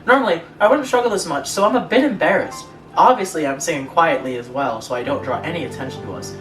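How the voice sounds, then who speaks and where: A woman's voice: sits low, expressive, fast talker. A young woman co-hosting a casual chat, reading online posts aloud with laughing asides. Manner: giggly, reads aloud with frequent laughing asides. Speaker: co-host reading online stories. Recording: echoey room, distant from mic, music behind.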